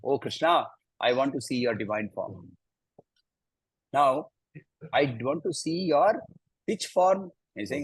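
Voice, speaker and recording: A man with an Indian English accent teaching a scripture class, chanting verses slowly and then explaining them with lively emphasis. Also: medium pitch, husky, no room sound, rough recording. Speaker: Gita teacher.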